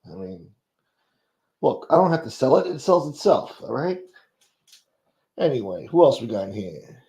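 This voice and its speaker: A man's voice: medium pitch, very animated, normal speed, warm tone. A man hosting a livestream, greeting chatters by name in a profane, joking, casual way. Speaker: livestream host.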